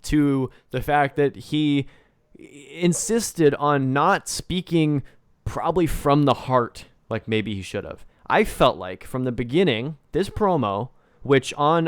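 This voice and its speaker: A man co-hosting a chat podcast, animated and joking, often slipping into mocking impressions. His voice sits at a medium pitch. The mic is close and dry, with no room sound. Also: unhurried, no echo. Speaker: podcast co-host. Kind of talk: casual chat.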